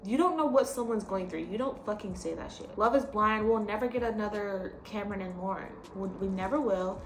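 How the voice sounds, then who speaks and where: A young woman in casual chat as a vlogger, blunt and animated, swearing freely as she rants. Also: medium pitch, fairly quick. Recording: echoey room with faint noise.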